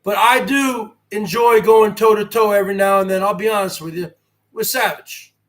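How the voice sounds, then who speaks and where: A brash man in his forties, hosting a livestream rant, who swears and swings from a quiet voice to a shout. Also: sits high, steady tone, moderate pace. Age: 40s. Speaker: host.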